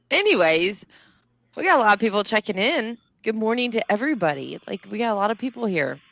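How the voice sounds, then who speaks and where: A woman's voice: mid-range voice, sing-song, creaky, fairly bright tone, no room sound, lo-fi sound. A woman with a Southern US accent, co-hosting a casual chat in a rambling, laughing way. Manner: chatty, rambling, quick to laugh. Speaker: co-host.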